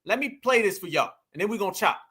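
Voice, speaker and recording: A man's voice: sits high, lively intonation, fast talker, pushed and bright, slightly rough. A man hosting a reaction commentary, addressing viewers as "y'all" and "family" and repeating phrases for emphasis. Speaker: commentary host.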